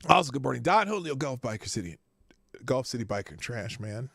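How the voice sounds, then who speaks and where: A middle-aged man hosts his livestream from a small home studio, talking in a rambling, loose way and swearing offhandedly. His voice has a gravelly, creaky edge and swings widely in pitch. The sound is dry and close, with little room echo. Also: big pitch swings, brisk, a bit bright. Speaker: livestream show host. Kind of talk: casual livestream chat.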